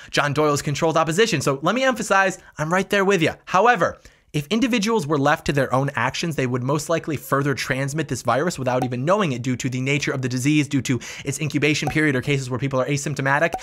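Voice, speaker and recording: A man's voice: a little high, a bit bright. A man hosting his own political commentary channel, talking combatively with mocking asides.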